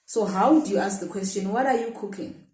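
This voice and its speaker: A woman's voice: medium pitch, fairly quick, a little mellow. A woman teaching a language lesson, patiently repeating phrases and modelling the question intonation. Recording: echoey room.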